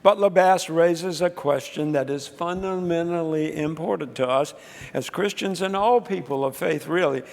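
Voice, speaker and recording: A man's voice: fairly high pitch, creaky. A man preaching a sermon, telling a story with frequent restarts and fillers. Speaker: pastor. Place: church sanctuary. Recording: long church reverb.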